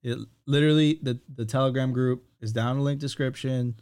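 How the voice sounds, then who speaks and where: A man hosting a casual podcast, talking in an animated, slangy way. He often trips over his words and restarts. His voice sits at an ordinary middle pitch. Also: fairly quick, clean tone. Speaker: podcast host.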